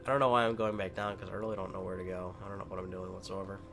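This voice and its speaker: A man's voice: low voice, little pitch movement, racing, vocal fry, a bit bright, soft background music. Rambling, cursing man narrating his gameplay. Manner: rambling and heated, lots of swearing and fillers. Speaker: gaming commentator. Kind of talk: casual gameplay commentary.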